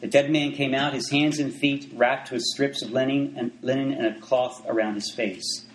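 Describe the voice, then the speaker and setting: Speaking at a moderate pace in a steady tone, this preacher keeps his sermon relaxed and talky, drifting into asides and starting sentences over. His pitch is ordinary, the room is echoey, and a little hiss or hum sits underneath.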